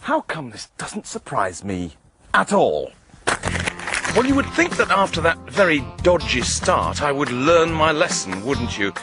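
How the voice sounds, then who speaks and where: A man's voice: a little high, huge pitch swings, unhurried, over music. Chatty jokey guy hosting a kids puppet show, bouncy voice that jumps all over. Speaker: children's TV presenter. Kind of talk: scripted children's show presenting.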